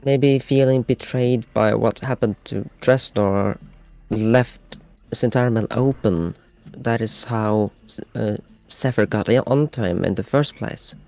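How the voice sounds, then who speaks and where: A man, a player in a tabletop game, talking through the story in a measured, uncertain way. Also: on the low side, creaky, warm tone, soft background music. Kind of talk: casual tabletop discussion.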